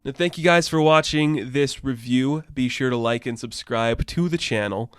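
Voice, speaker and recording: A man's voice: medium pitch, normal speed, a bit bright, clean tone, no echo, clean studio sound, faint music behind. A young man giving a casual, enthusiastic and rambling video review as the channel host. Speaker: comic book reviewer.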